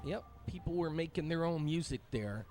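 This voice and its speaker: Strolling through an outdoor holiday event in the city at night, a man chats in a rambling, upbeat way about the local sights as live music plays nearby. His voice is a little high and expressive, at a moderate pace.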